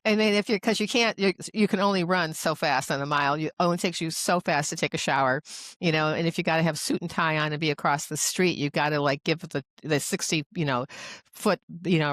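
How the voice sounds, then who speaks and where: A woman's voice: deep voice, a little fast, fairly bright tone, dry recording. A middle-aged woman coach talking casually in an interview, rambling and chatty, full of "you know" and "like". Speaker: guest, executive coach.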